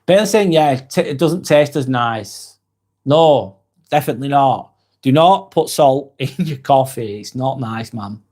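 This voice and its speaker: Hosting a live stream, this British man reads viewers' comments aloud and responds with kindness and light laughter. His pitch is medium, his intonation lively, and he takes his time.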